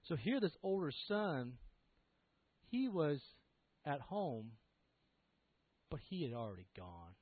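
A man's voice: fairly high pitch, very animated, slow pace, long pauses, slightly rough, no room sound. A man preaching a sermon emphatically, full of rhetorical questions. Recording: tinny, dry, phone-like sound.

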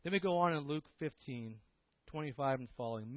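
A man's voice: mid-range voice, a little fast, no echo. A man preaching a sermon emphatically, full of rhetorical questions. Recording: tinny, dry, phone-like sound.

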